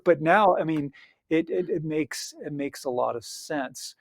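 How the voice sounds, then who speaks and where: A man's voice: fairly high pitch, creaky, no echo, clean studio sound. A man hosting a coaching podcast, asking his guest long questions with many fillers and restarts. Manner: halting, with many "uh" and restarts while framing questions. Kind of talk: interview questions.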